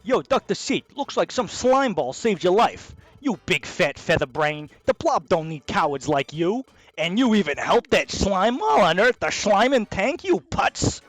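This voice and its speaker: A man's voice: high-pitched, big pitch swings, fairly bright tone, no room sound, pitched above the performer's own voice, full character voice. A man putting on a sneering mobster monster boss. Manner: slow, sneering insults.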